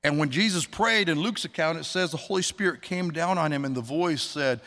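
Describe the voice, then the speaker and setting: Man, preacher, earnest sermon, slightly high voice, long hall reverb. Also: fairly bright tone. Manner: earnest, drawn-out emphasis, quoting scripture.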